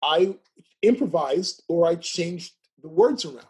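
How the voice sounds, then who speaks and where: A man's voice: on the high side, animated, a little slow, a little mellow, slightly rough. A man telling stories as a guest in a casual chat, who laughs often, keeps asking "right?" and stutters at times. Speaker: podcast guest.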